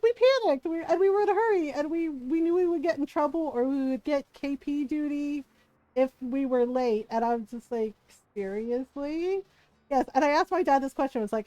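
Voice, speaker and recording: A woman's voice: high voice, no room sound. A woman streamer chatting casually, telling a story with frequent laughter and acted-out quotes. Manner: animated, laughs often, acts out quoted voices. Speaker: game streamer.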